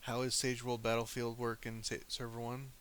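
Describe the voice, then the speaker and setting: A man's voice: mid-range voice, completely flat delivery, normal speed, a bit bright, a little hiss or hum. A man streaming, chatting casually, crude, joking and argumentative. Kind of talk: casual chat with live chat.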